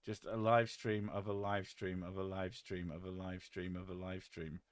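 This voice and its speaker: A British man chatting casually on a live stream, reading chat aloud with a joking, deadpan manner and casual swearing. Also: low-pitched, moderate pace, clean tone, dry recording.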